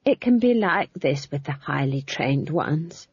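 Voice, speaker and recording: Woman reader as a cheerful gummy old witch, slow, husky, dry recording. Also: deep voice, animated, darkish tone, no echo, dull audio, heavily acted. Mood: coaxing. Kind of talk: audiobook character voice.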